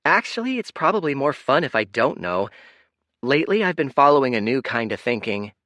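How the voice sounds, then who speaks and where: A man's voice: mid-range voice, very animated, fairly quick, fairly bright tone, no room sound, pitched above the performer's own voice. A man voicing a cheerful, oblivious young woman who talks in a breezy, upbeat way.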